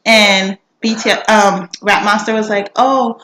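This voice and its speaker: A young woman tells a story in an excited, gushing way, full of fillers, and breaks into little screams as she relives it. Her voice sits in a middle range and carries a clear echo off the room. A steady noise hangs behind her. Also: mid-range voice, a little slow. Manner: gushing, lots of "like" fillers, bursts into screams when reenacting. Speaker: vlogger.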